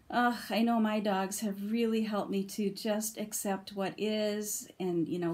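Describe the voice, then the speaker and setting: A middle-aged woman in a casual video review, gushing over each card she turns up. Her voice sits at an ordinary pitch, and she laughs often while sharing her delight. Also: a little mellow. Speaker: vlogger reviewing oracle cards.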